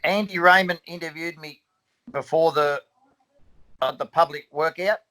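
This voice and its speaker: A trainer with a high voice speaks earnestly. He presses his point again and again, emphatic and sincere. He is part of a casual conversation among friends. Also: unhurried, pushed and bright, rough recording. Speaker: boxing trainer. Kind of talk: casual chat.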